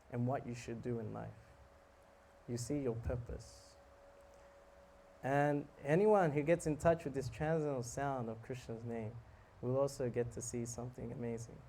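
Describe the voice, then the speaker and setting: A monk preaching who tells a lively story, acting out scenes and laughing. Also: male voice, mid-range voice. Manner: animated, laughing, acts out scenes. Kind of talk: storytelling sermon.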